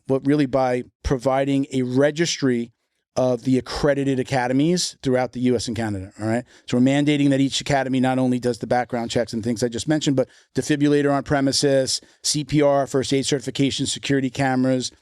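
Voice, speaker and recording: A man's voice: mid-range voice, a little mellow, no room sound, clean studio sound. A man hosting a podcast, chatting casually and joking, often restarting his sentences. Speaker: podcast host.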